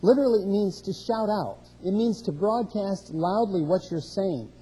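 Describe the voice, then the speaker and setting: A man's voice: high-pitched, expressive, normal speed, dark tone, husky, long reverb tail, rough recording. A man preaching a sermon, walking through scripture verse by verse and rising in emphasis on key questions. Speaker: pastor.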